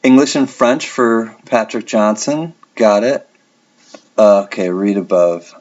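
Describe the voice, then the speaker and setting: A man's voice: fairly low pitch, slow pace, a little mellow, muffled recording. A man hosting a collectibles livestream, chatting casually and reading out viewer comments.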